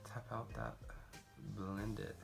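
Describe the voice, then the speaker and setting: A teenage boy talking through a casual makeup storytime, chatty and animated, jumping into high squeals when quoting people. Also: slow, gravelly. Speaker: beauty vlogger. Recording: faint music behind.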